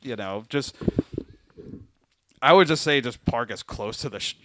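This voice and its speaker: A young man with a bright, forward voice, telling stories in a loose, casual podcast chat. His pitch swings widely as he animates the tale. The sound is close and dry, with no room around it. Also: measured pace, no room sound. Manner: animated, laughs often, acts out quotes. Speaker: podcast co-host.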